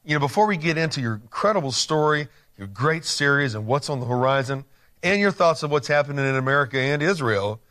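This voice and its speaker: A man's voice: fairly high pitch, animated, fast, a bit bright. A man hosting a Christian TV interview show, talking enthusiastically and encouragingly, with a chatty, filler-heavy delivery. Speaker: TV show host.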